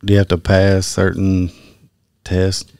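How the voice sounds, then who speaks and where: A man with a very deep voice hosts a laid-back conversation and asks easygoing questions. He is recorded close and dry, with no room sound. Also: slow pace, gravelly, clear, resonant tone, no echo. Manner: relaxed, asks loose questions. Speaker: podcast host. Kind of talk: casual chat.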